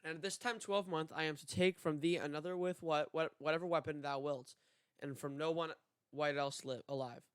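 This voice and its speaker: A stern giant knight speaking in old, formal English, voiced by a young man reading aloud. The tone is clear and a touch high, with a dry close sound. The reading is halting, with restarts on hard words. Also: fairly even intonation, no echo, natural voice. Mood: solemn. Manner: archaic formal speech, read with frequent stumbles.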